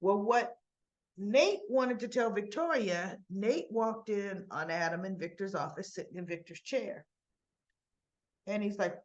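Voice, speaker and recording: A woman's voice: medium pitch, unhurried, highs cut off. A woman giving a casual spoken recap of a soap opera episode, quoting the characters and throwing in chatty asides.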